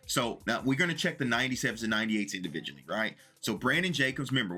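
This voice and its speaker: Bright-voiced man chatting through a game. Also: lowish voice. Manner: chatty, talks through his math aloud. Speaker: gaming video creator. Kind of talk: casual commentary to viewers while opening packs.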